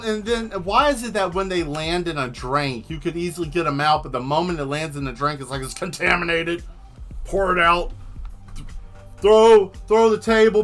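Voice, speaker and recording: Bright-voiced man rambling jokingly on a livestream. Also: a little high. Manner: rambling, joking, answers the chat. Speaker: livestream host and painter. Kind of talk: casual livestream chat with viewers.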